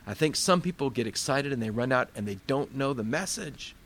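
A man's voice: mid-range voice, lively intonation, fairly quick, fairly bright tone. A man preaching a sermon in a conversational, storytelling way, often acting out the voices of the people in his story.

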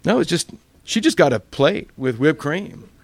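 Animated pastor telling stories. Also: male voice, fairly high pitch, moderate pace, gravelly. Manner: animated, acts out voices in his stories. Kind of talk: storytelling sermon.

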